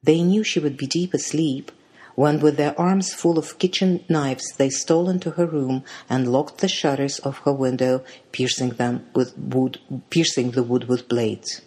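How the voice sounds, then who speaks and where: Husky-voiced storyteller reading a fairy tale. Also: mid-range voice, fairly even intonation, a little mellow. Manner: measured, dramatic read-aloud delivery.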